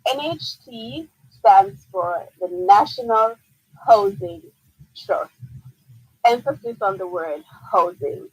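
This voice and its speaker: A woman's voice: mid-range voice, gravelly, a little mellow, breathy edge, rough recording. A woman with a Jamaican accent, a lawyer answering listener questions on a radio call-in show, explaining firmly and repeating key points. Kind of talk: radio call-in legal advice. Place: radio studio.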